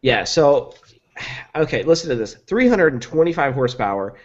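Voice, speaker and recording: On a lo-fi recording, a guest reviewer on a casual podcast speaks at normal speed in a mid-range, sing-song voice. He eagerly runs through specs, peppering his speech with likes and ums.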